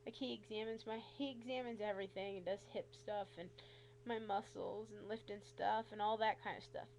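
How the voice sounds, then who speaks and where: A woman vlogging, retelling a bad experience in an animated, exasperated way with lots of asides. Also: medium pitch, a little fast, slight background noise, poor audio. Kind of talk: casual storytelling to camera.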